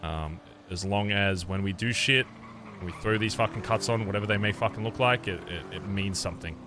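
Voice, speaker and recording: A man's voice: fairly low pitch, brisk, noisy background. A man talking in character as a biker club leader in an online role-play game, rambling and swearing freely as he lays out his plans. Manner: profane, rambling, fired-up pep talk.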